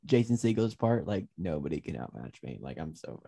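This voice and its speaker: A man co-hosting a podcast in casual chat, with a baritone voice, playful and full of questions. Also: sing-song, a little fast, vocal fry, warm tone, husky. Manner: chatty, playful, asks many questions. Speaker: podcast co-host.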